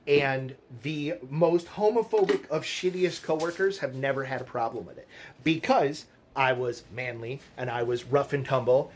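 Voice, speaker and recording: A man's voice: medium pitch, slight background noise. A middle-aged man telling stories in a blunt, profane, casual monologue, quoting other people as he goes. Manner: blunt, profane, storytelling with quoted voices. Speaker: vlogger.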